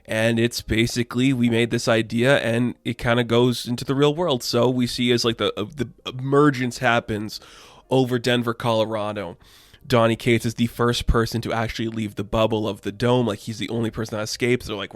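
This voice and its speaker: A man's voice: mid-range voice, level tone, a little fast, no echo. Rambling, sarcastic young man reviewing comics. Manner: rambling, sarcastic, loose paraphrasing with frequent fillers.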